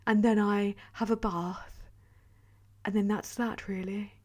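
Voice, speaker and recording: A woman putting on the soft, refined voice of a genteel English lady, hushed and gentle, as an impression during a livestream. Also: mid-range voice, flat delivery, takes it slowly. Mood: dreamy.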